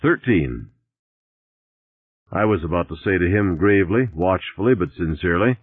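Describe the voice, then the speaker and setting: This audiobook reading features a man's low voice at a moderate pace, voicing a novel's first-person narration with dry wryness. There's no echo, and the recording is tinny, dry, and lo-fi.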